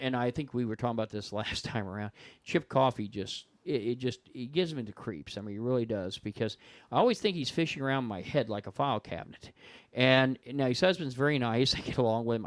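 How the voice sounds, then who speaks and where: A man in casual conversation as a podcast guest, telling a story in an animated way and acting out the other people's lines in their voices. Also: mid-range voice, no echo. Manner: animated, acts out dialogue in voices.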